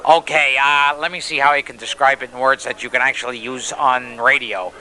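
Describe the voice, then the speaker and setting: Very bright-voiced joking comedian man. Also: mid-range voice, fairly quick, poor audio. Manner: deadpan jokes with hesitant ums. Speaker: comedian guest. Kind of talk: joking radio interview.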